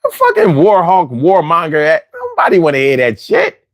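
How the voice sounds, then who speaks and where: Host, male, late-night livestream, foul-mouthed, lively swooping delivery. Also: fairly high pitch, moderate pace. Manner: profane, animated, talks back to chat.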